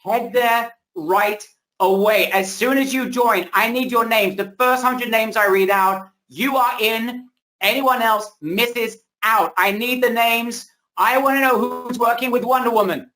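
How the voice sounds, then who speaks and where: A man's voice: extremely high pitch, unhurried, poor audio. Hyped male webinar host selling hard. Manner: energetic, salesy, repeats himself. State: losing his voice. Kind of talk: hyped live sales pitch. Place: home, indoors.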